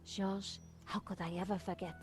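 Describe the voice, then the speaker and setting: A woman voices a young French investigator in a video game, with a French accent. She sounds cool, direct and polite at a mid pitch, with light music behind. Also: flat delivery, moderate pace, natural voice.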